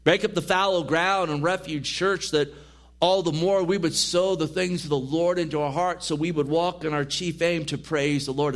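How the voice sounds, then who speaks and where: A man's voice: a little high, steady tone, moderate pace. A man preaching a sermon in a church as pastor, reading scripture aloud and pressing his points with earnest emphasis.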